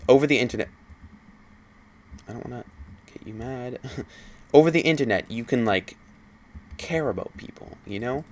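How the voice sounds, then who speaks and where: A young man with a low, gravelly voice speaks haltingly into a desktop microphone, circling back with fillers and sighs. A faint hiss sits under the recording. He talks casually and personally to his viewers. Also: a bit bright. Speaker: gaming channel host. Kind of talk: personal confessional talk.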